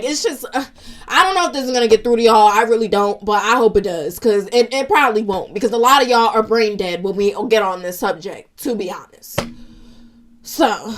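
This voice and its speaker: A woman's voice: on the high side, a bit bright. A young woman ranting in a casual vlog, emotional and frustrated as she talks to her followers. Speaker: social media commentator.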